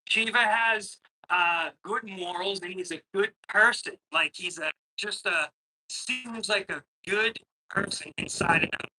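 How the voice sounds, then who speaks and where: Middle-aged man, caller on a computer mic, rambling and hesitant, swears a lot, very bright and sharp tone. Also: high voice, a little slow, slight background noise, poor audio. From Boston, Massachusetts. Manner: rambling, hesitant, profane ranting. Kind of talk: casual call-in chat. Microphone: computer microphone.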